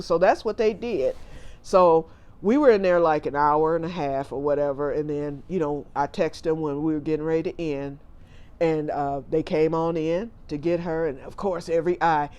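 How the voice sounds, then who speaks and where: A man's voice: on the high side, fairly even intonation, moderate pace, clear, resonant tone, dull audio. A middle-aged man, a family caregiver, telling a personal story in a chatty, rambling way, often retelling what people said.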